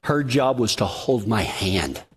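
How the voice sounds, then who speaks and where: A man's voice: lowish voice, lively intonation, measured pace, husky. A man preaching a sermon, telling his own story in a folksy, dramatic way.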